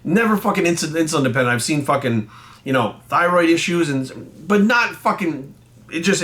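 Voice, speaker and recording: A man's voice: fairly high pitch, a bit bright. A man, a bodybuilding coach and vlogger, ranting bluntly to camera with lots of swearing and rising anger. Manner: angry, blunt, heavy swearing. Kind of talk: heated profane rant to camera.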